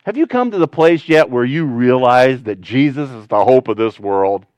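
A male pastor preaching a conversational sermon to his congregation, switching between loud, animated rises and quiet, low asides. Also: normal speed, no echo, highs cut off.

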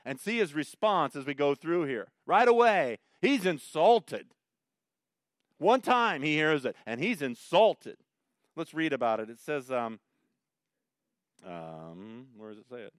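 A man preaching a sermon with a smooth, resonant voice, working through the text verse by verse. He moves from calm explanation to emphatic, rising bursts. The sound is dry and close, with no room echo. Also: fairly high pitch, a little slow. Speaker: pastor.

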